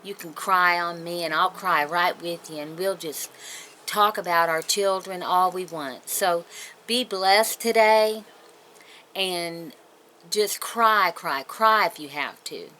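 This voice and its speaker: A woman's voice: lowish voice, takes it slowly, bright, forceful tone, rough recording. A woman talking tearfully and earnestly to her viewers, consoling and encouraging them in a heartfelt personal talk. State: crying. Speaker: vlogger. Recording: noticeable background noise.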